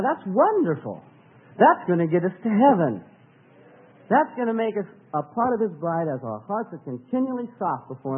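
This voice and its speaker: A man teaching a congregation about worship singing, earnest and animated, sometimes singing short phrases to show his point. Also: a little high, slightly rough, phone-quality sound.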